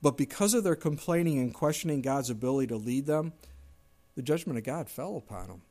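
A man's voice: medium pitch, lively intonation, brisk, dark tone. A middle-aged man preaching a sermon in a conversational way, now and then acting out whiny complaints in a raised voice. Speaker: pastor.

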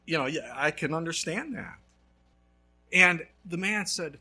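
Bright, husky-voiced male pastor preaching. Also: fairly high pitch, measured pace, long pauses. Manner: animated storytelling, swings from loud to hushed. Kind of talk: sermon.

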